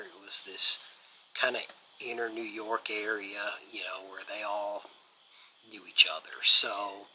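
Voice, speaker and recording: A man's voice: on the low side, pushed and bright, slight background noise, low-quality recording. A man hosting a casual movie review channel, rambling enthusiastically with lots of fillers.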